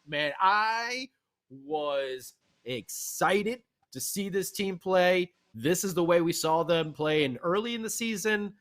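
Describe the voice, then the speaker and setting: Male podcast host, fast excitable fan energy, slightly high voice. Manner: animated, fast, fan-like enthusiasm. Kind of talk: excited sports talk recap.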